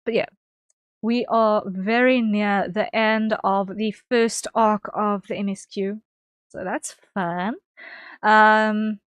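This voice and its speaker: A woman's voice: medium pitch, dry recording. Chatty woman streamer, rambling and dry. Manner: chatty, rambling, with many ums and repeats. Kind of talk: casual chat.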